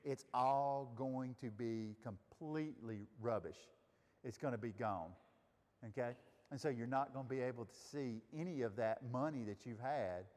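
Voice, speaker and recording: A man's voice: mid-range voice, normal speed, darkish tone. Man teaching in a reverberant room. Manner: conversational, asks the group questions. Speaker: Bible study teacher. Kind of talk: casual teaching to a group. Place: room with a group of listeners.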